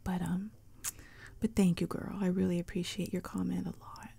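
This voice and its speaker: A woman hosting an ASMR channel, talking in a soft half-whisper and telling a rambling, chatty story up close to a sensitive mic. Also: on the low side, level tone, normal speed, creaky, husky. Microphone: close sensitive mic for headphones.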